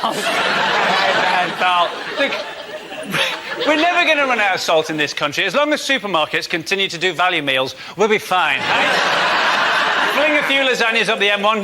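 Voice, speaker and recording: A man performs an energetic stand-up routine in a very high voice, often jumping into shouted mock impressions. A loud studio audience and heavy noise surround him. He sounds like he is on stage in a TV studio. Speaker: comedian. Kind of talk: stand-up routine on a panel show.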